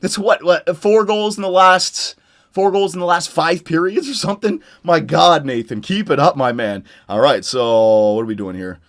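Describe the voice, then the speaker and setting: A young man commentating on his own hockey video game, swinging between loud excited shouts and low muttered talk, his voice worn out. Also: moderate pace. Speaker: gaming YouTuber.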